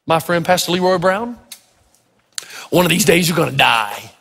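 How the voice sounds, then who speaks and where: A man from Tennessee preaching a sermon, telling folksy, humorous stories in an animated way. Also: fairly high pitch, normal speed, vocal fry, breathy edge. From Tennessee, United States. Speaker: pastor. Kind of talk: sermon with storytelling. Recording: echoey hall.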